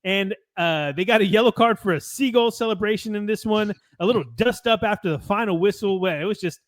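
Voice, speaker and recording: A laid-back American man talks through the weekend's matches, rambling a little and swearing now and then. His voice sits a touch high for a man. The sound is dry and close, with no room echo. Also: brisk. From United States. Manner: rambling, relaxed, swears casually, reads match notes. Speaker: podcast co-host. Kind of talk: casual sports chat.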